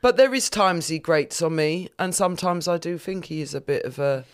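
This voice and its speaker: A woman's voice: fairly low pitch, moderate pace, clear, resonant tone. A woman comedian talking candidly as a guest in a podcast interview, with a frank, earthy sense of humour.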